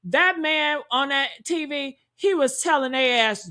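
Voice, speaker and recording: A woman giving heated, profane reaction commentary, talking loudly and indignantly and calling out to her viewers. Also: sits high, animated, measured pace. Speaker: commentary streamer.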